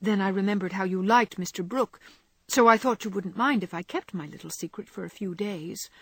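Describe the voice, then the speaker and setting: A woman voicing a gentle young woman who speaks in a pleading, distressed way. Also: medium pitch, a little fast, breathy edge, dry recording. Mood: ashamed.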